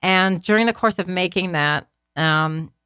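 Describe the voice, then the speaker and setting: A woman speaks as a podcast guest, recounting events candidly in a somewhat low voice and often restarting as she searches for words. The sound is close and dry, with no room echo. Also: unhurried, sharp tone, smooth. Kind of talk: casual interview conversation.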